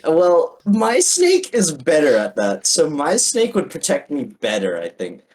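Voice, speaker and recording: A podcast co-host in casual banter who is excitable and stammers, repeating words. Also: medium pitch, measured pace, husky, low-quality recording.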